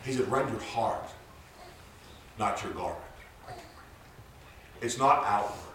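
Guy preaching, goes quiet then yells way up high, bright voice, super echoey church mic from far away. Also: slow pace, slight background noise. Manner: swings from low murmurs to shouted high cries. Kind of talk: sermon. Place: church sanctuary. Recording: roomy church recorded from far off.

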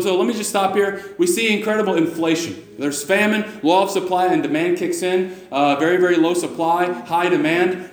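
A man preaching a sermon and reading scripture aloud, talking in a halting way with many fillers and restarts. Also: high-pitched, reverberant. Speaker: pastor.

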